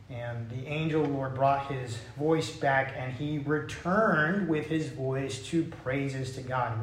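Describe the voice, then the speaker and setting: A man's voice: mid-range voice, a little hiss or hum. A man preaching a sermon in a conversational way, with casual asides and restarts. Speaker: pastor. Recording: echoey room.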